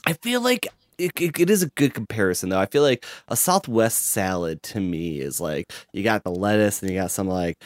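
A young man hosts a podcast in loose, rambling chat, full of jokey asides and restarts. His voice sits a little low but swings widely. The recording is dry and close. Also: sing-song, brisk, few pauses, dry recording. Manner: rambling, playful, lots of fillers and restarts. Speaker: podcast host. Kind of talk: casual chat.

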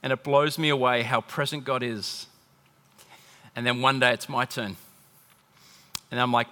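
A man preaching a sermon as pastor, swinging between loud emphatic bursts and quiet, intimate asides. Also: mid-range voice, steady tone, normal speed, pauses often. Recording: long hall reverb.

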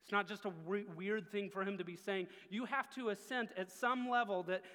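High-voiced man preaching in a hall. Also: fairly even intonation, normal speed. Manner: earnest preaching, drops low and quiet on key phrases. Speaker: pastor. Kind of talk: sermon.

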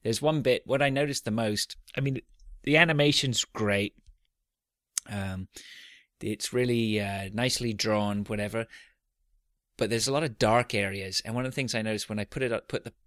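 Brief: male podcast host, low voice, dry close sound, chatty and rambling. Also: moderate pace, dry recording. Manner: rambling, self-interrupting, animated. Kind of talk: casual chat about video games.

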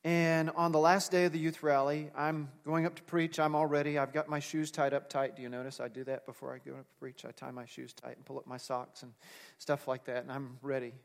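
A man's voice: mid-range voice, flat delivery, brisk, vocal fry. A man preaching a sermon, talking in an earnest, conversational way with fillers. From United States. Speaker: pastor. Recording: long reverb of a large hall.

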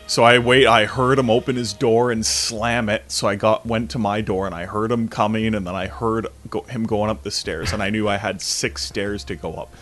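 With a fairly low voice, a young man talks at a moderate pace and hardly pauses as he shares stories casually. He acts out the people's voices animatedly, and soft music plays underneath.

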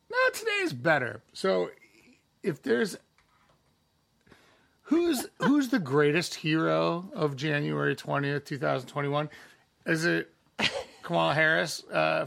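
A man in his forties with a Chicago accent chats loosely on a podcast, rambling and wry. His voice is gravelly and bright. He talks at an unhurried pace. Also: medium pitch. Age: 40s. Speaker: podcast co-host. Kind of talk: casual chat.

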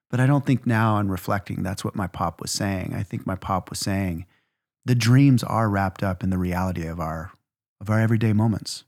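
A man speaks in an earnest, reflective way. His voice sits a little low. He builds his stories in rhythmic lists. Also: normal speed, creaky, darkish tone. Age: 40s. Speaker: podcast co-host. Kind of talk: reflective faith conversation.

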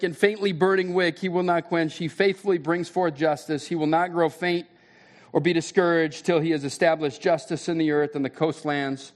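A man preaching a sermon in a conversational way, his voice climbing when he gets excited. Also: fairly high pitch, moderate pace. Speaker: pastor.

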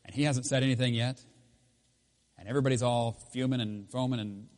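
A man preaching a sermon in a conversational, emphatic way, his voice rising loud and dropping low. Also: fairly even intonation, brisk. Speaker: pastor.

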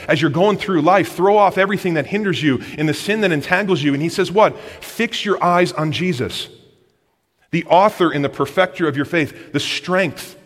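A man preaching a sermon to his congregation, moving between hushed earnest passages and loud excited ones and putting questions straight to the listeners. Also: a little high. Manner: asks the congregation direct questions. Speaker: pastor. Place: large church hall with congregation. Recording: long hall reverb.

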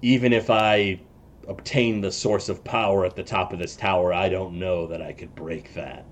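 A man voicing a grave, terse male magic-wielding ally who speaks low, measured and quiet. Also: fairly even intonation, close to an everyday voice.

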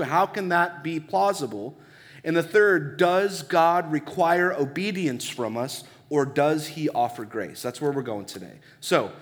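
A man preaching to his congregation in a fairly high voice. He talks to them casually and keeps asking rhetorical questions. A long hall reverb trails after each phrase. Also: a bit bright. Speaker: pastor. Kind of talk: sermon.

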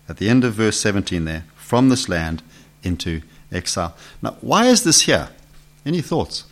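In a meeting room full of people, a man with a lowish, slightly bright voice teaches a Bible study. The preacher chats conversationally, quizzes the group, and acts out the voices in the text.

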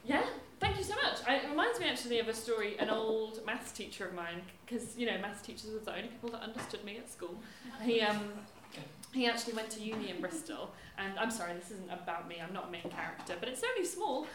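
A woman's voice: mid-range voice, expressive, fast talker. A woman hosting a live storytelling event, chatty, playful and self-deprecating. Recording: echoey room with audience and background noise.

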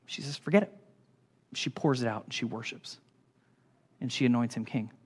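A man preaching a sermon as pastor, animated and swinging from hushed lines to shouts. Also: mid-range voice, normal speed, breathy edge.

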